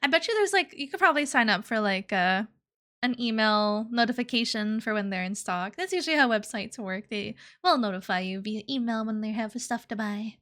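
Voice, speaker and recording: Bright, high-pitched playful woman streamer. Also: animated, a little fast. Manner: playful, giggly, reads chat aloud, cutesy baby talk. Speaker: VTuber streamer. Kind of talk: casual live-stream chat.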